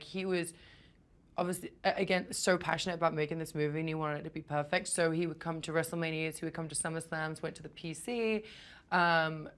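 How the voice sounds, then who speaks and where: A young woman in an interview, telling a story casually with lots of "like" and stumbling when she gets excited. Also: deep voice.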